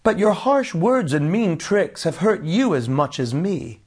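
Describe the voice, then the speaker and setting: A man voicing a cheerful, gentle young husband with a playful, coaxing way of talking. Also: high-pitched, sing-song, measured pace, husky, full character voice. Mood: rueful.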